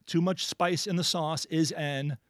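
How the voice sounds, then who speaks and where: A man's voice: on the high side, unhurried, dry recording, clean studio sound. A man hosting a playful word quiz on a radio show, joking and laughing often. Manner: animated, jokey, laughs often. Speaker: quiz host.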